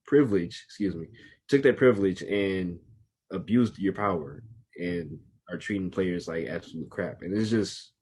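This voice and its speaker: A man with a low, husky voice co-hosting a casual podcast. He speaks earnestly and presses his points with emphasis. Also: normal speed, a little mellow. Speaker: podcast co-host. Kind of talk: casual chat.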